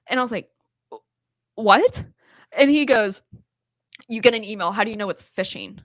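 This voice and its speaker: A woman as a podcast guest, telling stories in an animated, casual way with lots of "like" and laughter. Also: mid-range voice, brisk, dry recording. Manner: animated storytelling, frequent "like" and laughter. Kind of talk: casual chat.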